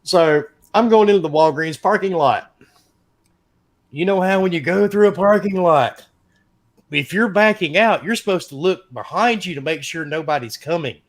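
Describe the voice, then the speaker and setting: Man, middle-aged, podcast host, casual anecdote, swears a lot, fairly high-pitched. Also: normal speed. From American South. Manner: animated, profane, chatty anecdote-telling. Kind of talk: casual storytelling.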